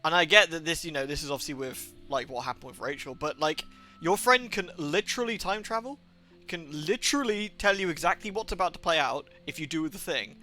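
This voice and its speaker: A man streaming a video game, giving casual commentary in an excitable, sarcastic way and swearing freely. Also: on the high side, a little fast, faint music behind.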